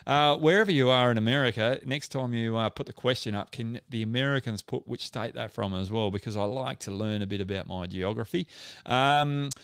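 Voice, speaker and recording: A man's voice: mid-range voice, brisk, a bit bright, clean tone, no room sound, studio quality. A middle-aged Australian man hosting a casual live stream, answering viewer questions in a chatty, friendly way and correcting himself as he goes.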